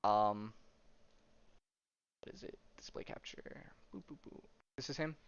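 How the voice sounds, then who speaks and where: A man's voice: fairly low pitch, animated, a little slow, creaky, clean tone, lo-fi sound. A man hosting a podcast, rambling through a comic story in casual chat and acting out the characters' lines with lots of fillers. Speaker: podcast host.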